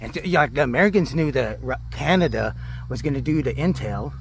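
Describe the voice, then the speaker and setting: A man's voice: lively intonation, brisk, slight background noise. A man narrating his airsoft mission outdoors in casual, rambling talk full of swearing and jokes, often dropping to a whisper. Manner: swears constantly, rambling and joking; often drops to a low whisper. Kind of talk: casual profane game narration. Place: outdoors in woods.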